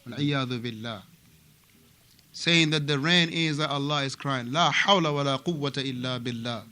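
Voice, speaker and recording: A man from Africa teaching a religious class at a mosque, animated and repetitive, often asking his students questions. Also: mid-range voice, normal speed, clean tone. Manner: animated, repeats words and asks students questions.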